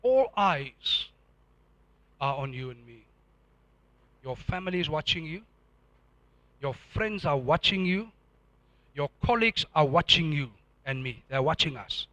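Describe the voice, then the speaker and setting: A man preaching a sermon as pastor, animated and firing rhetorical questions at the congregation. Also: on the high side, unhurried, pauses often, no room sound.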